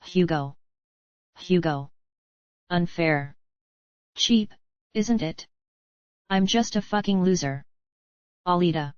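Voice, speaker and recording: A woman reading a screenplay aloud in a flat manner, naming each speaker before the line. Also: fairly low pitch, takes it slowly, pauses often, smooth, no room sound, dull audio.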